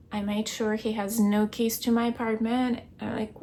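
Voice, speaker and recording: A young woman keeping a video diary, recounting a dream in a hesitant way, searching for words and filling pauses with "like". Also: on the high side, little pitch movement, darkish tone, slight background noise. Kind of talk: casual personal storytelling.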